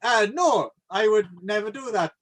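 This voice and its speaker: A man's voice: high voice, expressive, moderate pace, crowd noise. A man hosting a casual film podcast, joking and laughing often. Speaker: podcast host. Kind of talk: casual chat about films.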